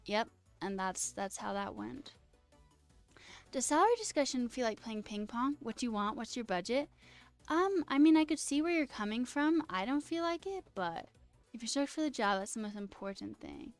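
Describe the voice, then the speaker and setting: A woman's voice: on the high side, lively intonation, moderate pace, smooth, soft background music. A woman streamer chatting casually and reading out viewer questions, candid and self-deprecating, swearing freely. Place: home streaming setup.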